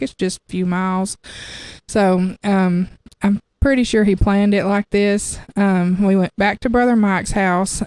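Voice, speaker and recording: A woman sharing her testimony in an easygoing, chatty way. She laughs often and keeps restarting her sentences as she talks. Her voice sits at an ordinary middle pitch. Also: a little mellow, no echo. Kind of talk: casual testimony storytelling.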